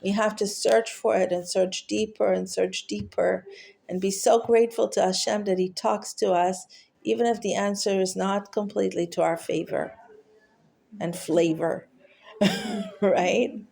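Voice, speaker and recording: A woman telling a heartfelt teaching story, halting often with fillers and restarts. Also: mid-range voice, fairly even intonation, creaky, mellow. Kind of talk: storytelling talk.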